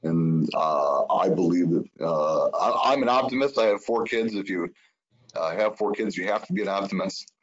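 A man's voice: sits low, animated, moderate pace. A man speaking as a senator guest in an interview, earnest and reflective. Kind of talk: political interview talk. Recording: dull lo-fi sound.

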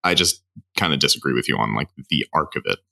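A man in relaxed podcast conversation, politely disagreeing and hedging as he goes. His voice is very deep but carries a bright, forceful edge. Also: fast, gravelly. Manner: chatty, laughs easily, hedging with "like". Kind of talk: casual chat.

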